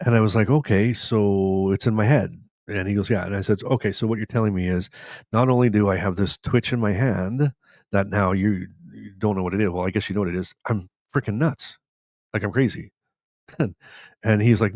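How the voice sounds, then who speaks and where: A man in his forties from Canada, hosting a live stream and candidly retelling his own story in a rambling, animated way. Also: lowish voice, a little fast, no echo, studio quality. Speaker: host.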